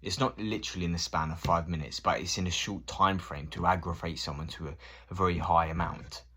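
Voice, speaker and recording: A man's voice: sits low, fairly even intonation, brisk, sharp tone, breathy edge. A man in his thirties ranting casually to camera, swearing and acting out both sides of conversations. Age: 30s. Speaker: vlogger.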